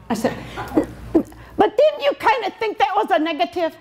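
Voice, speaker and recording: High-voiced older woman telling comic stories. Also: normal speed, slight background noise. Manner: animated storytelling, acts out voices. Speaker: motivational speaker. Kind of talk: comic stage speech.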